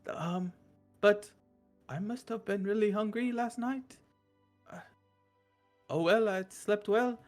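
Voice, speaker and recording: A man playing an excitable young adventurer. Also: high voice, slow, pauses often, soft background music, pitched above the performer's own voice. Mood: delighted. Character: earnest young man adventurer, wide-eyed and cheerful.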